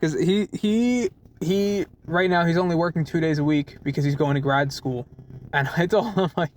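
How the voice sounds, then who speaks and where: A man's voice: fairly high pitch, moderate pace, a little hiss or hum. Rambling young man venting in his car. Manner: rambling, profane, frequent "dude" and "man". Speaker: vlogger. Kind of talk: casual car vlog.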